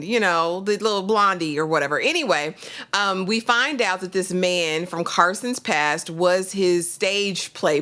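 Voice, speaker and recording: A woman with a bright, clear voice at a middle pitch, recapping an episode in a relaxed, playful way. She drops into characters' lines as she tells the story. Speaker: podcast host. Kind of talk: casual review chat.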